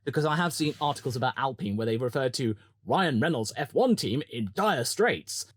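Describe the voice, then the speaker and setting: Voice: medium pitch, dry recording, studio quality. A motorsport commentator delivering a chatty opinion monologue, often breaking into dramatic quoted asides.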